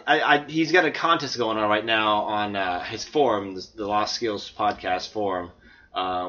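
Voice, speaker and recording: Man, from the American South, podcast host, hesitant, rambling, bright voice, dull lo-fi sound. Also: mid-range voice. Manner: rambling, hesitant, self-mocking. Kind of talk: casual podcast chat.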